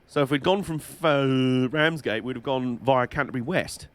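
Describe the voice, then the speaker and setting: Here a young man speaks at medium pitch and an ordinary pace during a gaming live stream. His chat with viewers is loose and chatty, laced with swearing and a deadpan wit.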